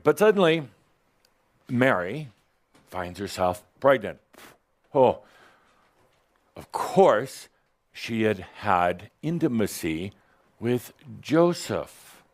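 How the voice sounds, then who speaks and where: Man doing a channeled teaching talk live, slow and drawn out, voice swinging up and down, teasing the crowd. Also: medium pitch. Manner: playful, provocative, teasing the audience, laughing often. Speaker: spiritual teacher speaking to an audience. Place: live workshop room with an audience.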